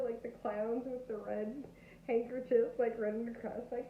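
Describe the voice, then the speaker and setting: A woman with a slightly high voice gives a casual tarot reading at a moderate pace, bubbly and laughing often as she acts out quoted reactions. The recording sounds echoey and tinny, like a phone, with faint noise.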